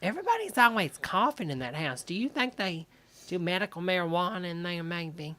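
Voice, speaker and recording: A woman's voice: on the low side, sing-song, a little fast, pushed and bright, slight background noise. A woman hosting a livestream, giving sassy, gossipy comic commentary and calling everyone honey. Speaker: livestream host reacting to a video.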